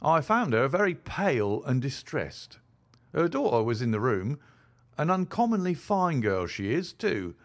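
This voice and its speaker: A man's voice: mid-range voice, sing-song, unhurried. A man voicing a self-satisfied male police detective recounting his inquiry in a story reading. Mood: boastful.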